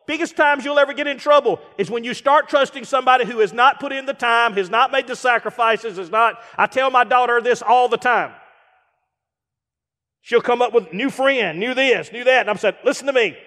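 A middle-aged man preaching a sermon, animated, with acted-out asides and rhetorical questions. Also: extremely high pitch, fairly quick. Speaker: guest preacher. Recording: reverberant hall.

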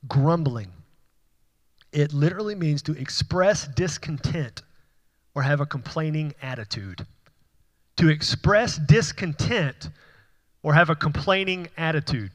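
A man's voice: expressive, normal speed, a bit bright. Preaching man in a reverberant hall. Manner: preaching, building to emphatic peaks then dropping low; conversational, with asides and light laughs. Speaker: pastor. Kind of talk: sermon.

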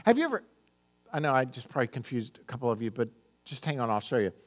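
A man's voice: mid-range voice, big pitch swings, fast talker, faint music behind. A man preaching a sermon, reading scripture dramatically and speaking animatedly to his congregation. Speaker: pastor.

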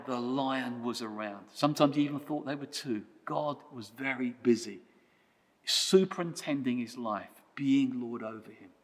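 A male preacher delivering a sermon with earnest conviction, stacking phrase on phrase in steady rhythm. His voice sits at a middle pitch and carries with a long reverb through a church hall. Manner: earnest, rhythmic repetition, quieting to prayer.

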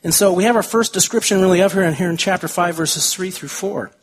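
Brief: husky, fairly high-voiced male pastor, casual sermon with tangents. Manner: conversational, wanders into side tangents; reads scripture slowly and deliberately.

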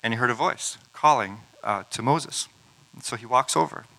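A man's voice: medium pitch, moderate pace, vocal fry, sharp tone, poor audio. A man preaching a sermon, retelling scripture stories in a conversational way with casual asides.

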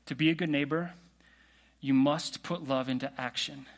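A man preaching a sermon in a relaxed, conversational way, asking the congregation questions. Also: on the high side, normal speed. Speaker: pastor.

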